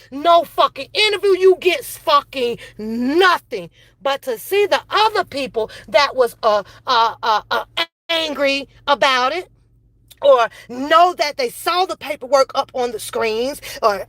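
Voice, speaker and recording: Woman, angry profane rant, repeats herself, high-pitched, dry recording. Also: a bit bright, dry recording. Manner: heated, profane, repeats phrases. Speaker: commentary vlogger. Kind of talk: ranting commentary.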